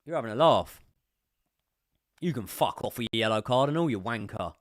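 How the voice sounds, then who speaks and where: A young man giving sweary live commentary as a football fan on a watchalong stream, swinging from muttering to shouting. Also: mid-range voice, animated, moderate pace, no echo, studio quality.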